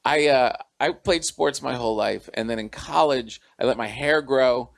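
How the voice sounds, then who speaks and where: A man's voice: mid-range voice, moderate pace, creaky. A middle-aged man, a comedian guest, chatting in an interview and telling anecdotes where he acts out the voices of the people in them. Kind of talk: storytelling interview chat.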